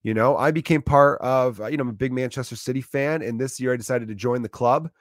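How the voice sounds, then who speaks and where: A man in his thirties talking in a loose, rambling monologue, telling animated stories with restarts and swearing. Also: medium pitch, fast, no room sound, clean studio sound.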